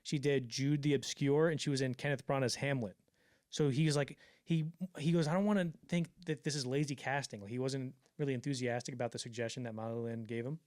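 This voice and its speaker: A man telling a story on a casual podcast, swearing freely and acting out the quotes in quick put-on voices. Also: medium pitch, fairly even intonation, darkish tone, no room sound, clean studio sound. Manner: fast, profane, acts out quotes in voices. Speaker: podcast co-host.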